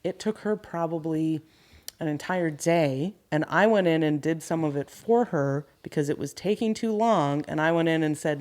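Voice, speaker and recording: A woman's voice: deep voice, moderate pace, darkish tone. A woman who runs a carpentry business, guest on a podcast, speaking frankly and laughing easily as she tells stories from job sites. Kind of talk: casual podcast chat. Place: podcast table with several hosts.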